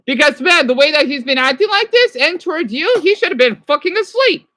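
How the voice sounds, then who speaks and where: A man with a high, sharply bright voice rants agitatedly to a live stream audience. His pitch swings widely as he swears, trips over his words and snaps back at the chat. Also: sing-song, fairly quick. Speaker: livestreamer. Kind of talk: ranting live stream monologue.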